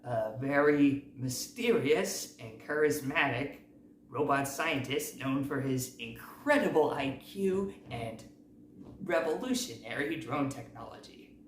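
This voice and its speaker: A man's voice: mid-range voice, lively intonation, slow pace. A man hosting a casual movie recap, talking in a rambling, self-correcting way. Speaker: movie review host. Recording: roomy, distant mic, faint noise.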